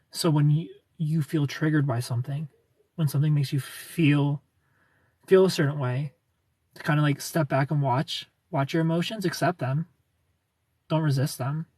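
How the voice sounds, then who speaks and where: Husky-voiced man chatting on a livestream. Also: fairly high pitch, a little mellow, no room sound. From outside the United States. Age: 30s. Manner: rambling, restarts words, light laughs. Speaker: livestream host. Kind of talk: casual livestream chat answering viewer comments.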